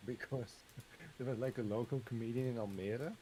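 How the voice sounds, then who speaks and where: A man's voice: mid-range voice, moderate pace, dark tone, a little hiss or hum, rough recording. A Dutch man chatting casually while gaming, telling rambling anecdotes full of fillers and small laughs. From Netherlands. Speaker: Minecraft streamer's guest or co-player.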